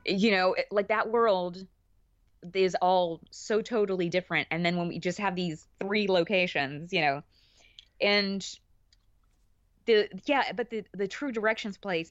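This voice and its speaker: A woman chatting as a podcast guest, animated, laughing often and restarting her sentences. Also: medium pitch, dry recording. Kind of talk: casual chat. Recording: dull dry lo-fi audio.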